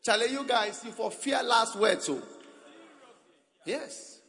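A man preaching a sermon, moving from low murmurs to shouted exhortation. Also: slow, in a large hall.

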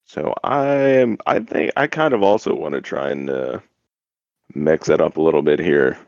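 A man's voice: very deep voice, animated, moderate pace, creaky, darkish tone, no room sound, muffled recording. A man chatting casually and joking around at a game table, laid-back with trailing restarts. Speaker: player. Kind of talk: casual chat.

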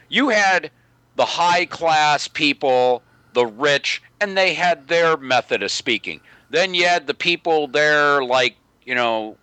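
A man's voice: fairly high pitch, bright, forceful tone, no room sound. A middle-aged man in a casual panel chat, rambling and correcting himself as he talks.

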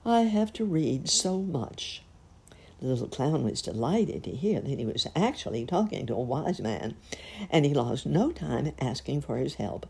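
A woman reading a storybook aloud in a gentle, measured way. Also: rumbling low, sing-song, gravelly, husky. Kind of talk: storybook narration.

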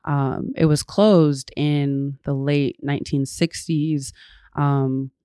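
A woman's voice: low voice, fairly even intonation, slow pace, warm tone, smooth, dry recording, studio quality. A woman guest from talking in an earnest, thoughtful way, with fillers, in a casual conversation. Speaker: podcast guest.

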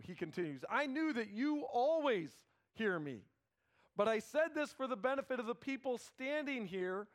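Guy preaching w a pretty high voice, earnest, slows down for big lines, chatty asides. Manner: earnest preaching, retells scripture with informal asides and dramatic pauses. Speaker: pastor. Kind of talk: sermon.

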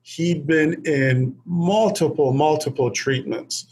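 A man with a fairly high voice tells a story in a heartfelt, earnest way. He repeats words as he reaches for them, and he speaks as an addiction specialist who is a guest on the show. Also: fairly even intonation, slow, a little mellow, breathy edge.

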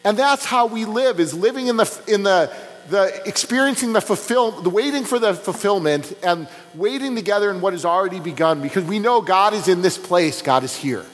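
A man's voice: high-pitched, animated, brisk. A man preaching a sermon as a pastor in a church, speaking conversationally with many fillers. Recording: long reverb with mains hum.

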